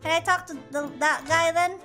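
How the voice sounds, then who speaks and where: Excitable woman game streamer, very high voice, tripping over words. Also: moderate pace. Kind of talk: game stream, reading dialogue aloud. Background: game music.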